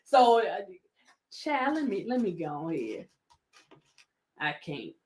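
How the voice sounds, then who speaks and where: A woman's voice: on the low side, very animated, slow pace, a little mellow. A woman with a Southern American accent, hosting a casual commentary vlog, sassy and laughing often as she talks to her viewers. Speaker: YouTube commentary host.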